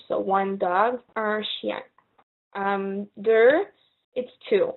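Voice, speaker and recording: A woman with a French accent teaching French numbers and phrases, slowly and patiently repeating words with little pauses and fillers. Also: mid-range voice, fairly even intonation, creaky. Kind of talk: slow spoken language lesson. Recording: tinny phone-like sound.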